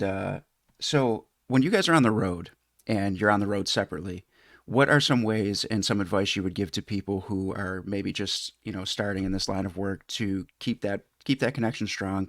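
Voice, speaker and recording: A man hosting a casual podcast interview, relaxed and easygoing, asking questions with fillers and quick laughs. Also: lowish voice, no room sound, clean studio sound. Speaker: podcast host.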